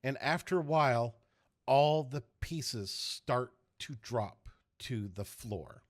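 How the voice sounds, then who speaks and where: A man narrating a tabletop game as game master, telling the scene in an animated way with loose restarts. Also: medium pitch, slow.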